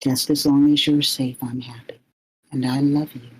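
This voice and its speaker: Woman as a soft protective mother. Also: extremely low pitch, flat delivery, normal speed, a little hiss or hum, low-quality recording. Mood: tender. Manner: soft, reassuring, pleading. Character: loving, protective mother of a child.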